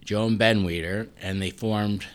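A man with a notably deep voice talks through a long story in a relaxed, conversational way. He restarts phrases often and briefly takes on the voices of people he quotes. He is a guest being interviewed. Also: normal speed. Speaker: festival president, guest.

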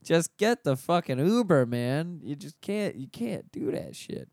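A man's voice: a little high, big pitch swings, measured pace, creaky, darkish tone, no echo, clean studio sound. A man co-hosting a casual podcast chat, laid-back and profane, trailing off into mumbles. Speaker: podcast co-host.

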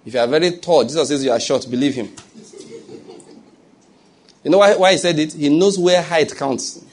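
A man's voice: on the high side, normal speed. A man preaching a sermon, chatty and humorous, building up to emphatic points. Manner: conversational preaching, humorous asides, rising to emphatic. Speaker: pastor.

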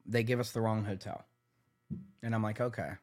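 A man with a Pittsburgh accent tells a story on a podcast in a loose, lively way. He has a fairly low voice and often acts out what people said. Between lines he sometimes swears. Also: normal speed. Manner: animated, swears when heated, acts out quotes. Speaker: MMA manager, podcast guest.

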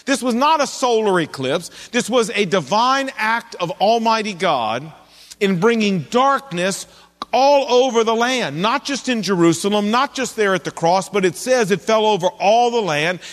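A man's voice: sits high, expressive, moderate pace, fairly bright tone, long reverb tail. A man preaching a sermon in a conversational way, asking his listeners questions as he goes. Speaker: pastor.

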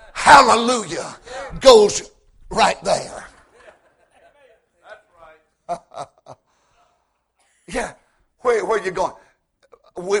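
Male preacher, very high and gravelly voice, slow, folksy humor, builds to shouts. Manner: folksy joking storytelling, rising to shouts; repeats words when starting sentences. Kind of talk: sermon.

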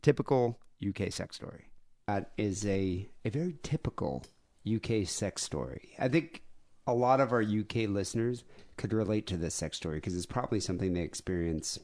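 A man's voice: lowish voice, lively intonation, normal speed, darkish tone, dry recording. A man hosting a podcast, chatting casually in a rambling, laughing, profane way. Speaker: podcast host.

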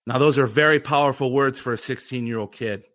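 A man's voice: medium pitch, brisk, a bit bright. A young man telling an earnest, reflective story as a podcast guest. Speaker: guest, former pitcher and mental conditioning coach.

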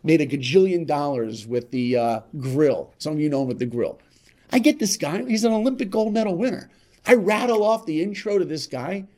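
A man as a podcast guest telling a motivational story, emphatic and repetitive, swinging between loud and hushed. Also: fairly high pitch, expressive, fairly quick.

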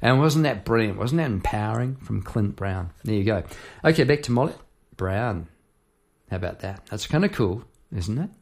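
A man's voice: lowish voice, animated, moderate pace, gravelly, a little mellow. A songwriter talks through his lyrics line by line in a loose, conversational way. The man often drifts into side stories and keeps checking in with "eh?" and "yeah?". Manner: chatty and rambling, full of asides and tag questions. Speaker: songwriter hosting an episode. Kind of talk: casual explanation of song lyrics.

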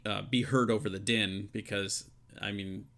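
A man co-hosting a casual podcast, talking in a hesitant way with many pauses and restarts. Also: on the low side, fairly even intonation, fairly bright tone. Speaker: podcast co-host, former server. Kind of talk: casual chat.

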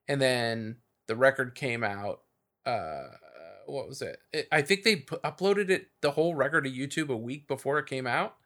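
Here a man co-hosts a podcast, his medium-pitched voice carrying a sharp tone. He chats casually and loosely, with frequent fillers and restarts.

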